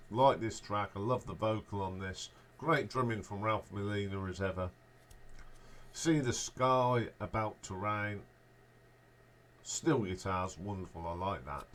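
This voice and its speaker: A man with a fairly low voice talks through albums track by track in a relaxed, offhand way. His remarks tend to trail off softly at the end. A faint hiss of noise sits under the recording. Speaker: music reviewer, show host. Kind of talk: casual spoken album ranking.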